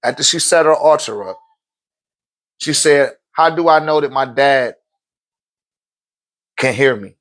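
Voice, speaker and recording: A man's voice: medium pitch, unhurried, pauses often. A man, a spiritual teacher telling stories in casual teaching talk, acting out quotes and laughing often. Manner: animated storytelling, acts out quotes, laughs often.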